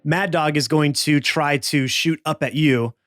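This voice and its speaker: A man running a tabletop game as game master, calmly narrating rolls and what happens. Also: a little high, a little slow, no echo, studio quality, soft background music. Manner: calm, narrating rolls and outcomes.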